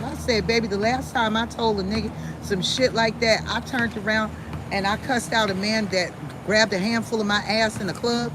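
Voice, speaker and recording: A woman hosting a live stream, telling a story to her chat in a blunt, profane, animated way. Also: on the high side, moderate pace. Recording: steady background noise with passing vehicles.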